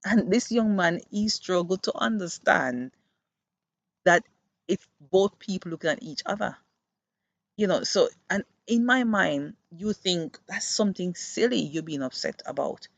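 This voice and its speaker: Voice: mid-range voice, expressive, measured pace, vocal fry, fairly bright tone, dry recording. A podcast host who works with children gives an earnest, reflective monologue and explains through classroom stories. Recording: dull, muffled dry recording.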